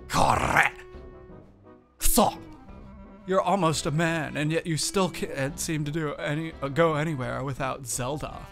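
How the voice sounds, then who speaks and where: A man's voice: on the high side, vocal fry, fairly bright tone. A man voicing a brash, boastful teenage bully in a let's-play, reading the game's dialogue in a cocky, taunting way. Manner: cocky, taunting reading of on-screen game text.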